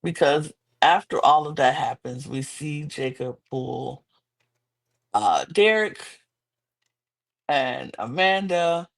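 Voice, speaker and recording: A young woman co-hosting a podcast, chatting casually and sassily about a reality show and jumping into high, excited exclamations. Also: slow pace, long pauses. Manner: animated, sassy, swings into high-pitched exclamations. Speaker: podcast co-host. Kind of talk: casual reality-TV recap chat.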